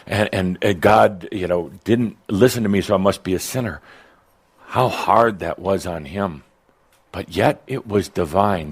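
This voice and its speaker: A man giving a channeled spiritual talk to a live audience, playful and teasing, laughing at his own jokes and often restarting his sentences. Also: fairly low pitch.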